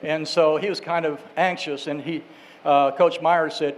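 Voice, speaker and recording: A man casually telling a long anecdote, wandering with asides and quick self-corrections. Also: fairly high pitch, flat delivery, low-quality recording. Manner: rambling, with restarts and asides. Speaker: storyteller.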